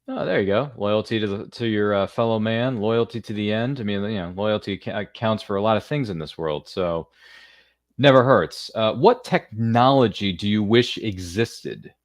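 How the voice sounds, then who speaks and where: A man's voice: lowish voice, normal speed, no echo, clean studio sound. Upbeat man hosting a podcast. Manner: folksy, upbeat, rambling asides. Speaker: podcast host. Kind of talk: casual interview with ad reads.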